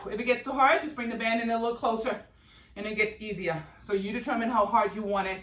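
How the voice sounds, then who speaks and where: A woman's voice: on the high side, fast, a bit bright. A woman fitness instructor coaching a workout class, upbeat and a little out of breath as she cues moves and counts down reps. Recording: echoey room, voice from far off.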